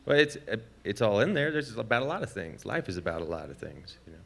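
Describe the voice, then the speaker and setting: Deep-voiced man filmmaker, casual and searching. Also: big pitch swings, fast talker, vocal fry, a bit bright. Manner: casual, searching, restarts often. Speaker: filmmaker on a panel. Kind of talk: panel discussion. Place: festival panel stage.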